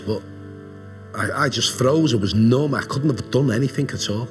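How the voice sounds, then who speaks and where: A man giving a halting, emotional documentary interview as a witness. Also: mid-range voice, faint music behind. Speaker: witness, friend of the family.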